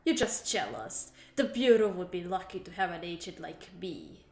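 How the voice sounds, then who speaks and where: A woman's voice: fairly low pitch, sing-song, moderate pace, darkish tone, echoey room. A woman putting on a cocky female spy. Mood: boastful. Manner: boastful, defensive.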